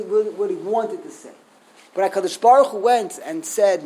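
A man's voice: sits high, fairly quick, mellow, rough recording. Man, rabbi, Torah sermon, emphatic, rhetorical questions, repeats words, faint background noise.

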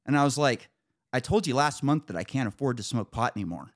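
A man hosting a podcast, casually telling an exasperated, animated story with some swearing. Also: medium pitch, fairly quick. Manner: animated, exasperated retelling with profanity. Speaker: podcast host.

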